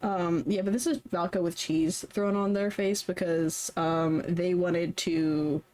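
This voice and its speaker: A woman's voice: on the low side, steady tone, a little slow, dark tone. A young woman chatting casually on a live stream while she draws, rambling and self-deprecating. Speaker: streamer drawing fan art.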